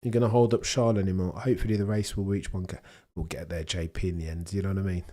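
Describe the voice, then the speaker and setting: A man's voice: deep voice, steady tone, quick pace, warm tone. A young man hosting a live stream, chatting casually and joking with his chat while reacting to the action.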